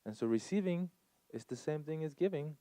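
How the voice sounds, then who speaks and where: A man's voice: fairly high pitch, animated, brisk, mellow, dry recording. A man in his thirties giving a personal testimony at a Sunday gathering, earnest and repeating phrases for emphasis into a handheld mic. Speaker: guest speaker at a Sunday service.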